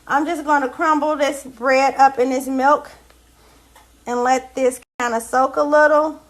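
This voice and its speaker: A woman's voice: high-pitched, steady tone, a little slow, rough recording. A woman hosting a home cooking video, chatty and explaining each step as she cooks in her kitchen. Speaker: cooking show host. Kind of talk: casual cooking demonstration.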